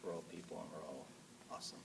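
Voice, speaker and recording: A teenage boy answering an interview question casually in a monotone. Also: extremely low pitch, fast, creaky. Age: late teens. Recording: distant mic, faint hiss.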